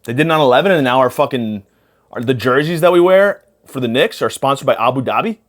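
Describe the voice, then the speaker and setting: Quick and medium-pitched with lively intonation, a young man hosting a podcast delivers a rambling, profane comedy monologue. He's spacey after a panic attack and hops from topic to topic.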